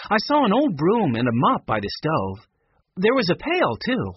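A man doing a brisk, sensible older girl. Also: high voice, wildly swooping pitch, dull audio, a little hiss or hum, pitched above the performer's own voice. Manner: brisk, practical.

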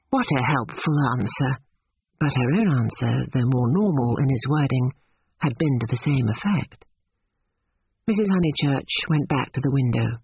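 A man narrating a novel as an audiobook, measured and expressive. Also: medium pitch, creaky, muffled recording, slight background noise. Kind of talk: scripted literary narration.

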